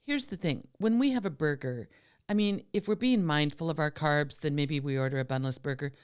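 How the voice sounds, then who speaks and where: A woman co-hosting a podcast in playful casual chat, laughing often and pitching whimsical ideas. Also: brisk, clean tone. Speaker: podcast co-host.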